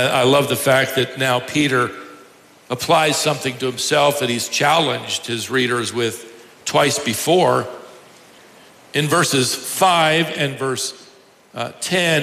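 A man's voice: medium pitch, creaky, sharp tone. A man preaching a sermon, telling humorous stories and chuckling at his own jokes. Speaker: pastor. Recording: echoey hall, faint noise.

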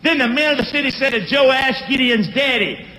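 A man preaching a sermon, animated and drawing responses from his congregation. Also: very high voice, moderate pace. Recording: long hall reverb.

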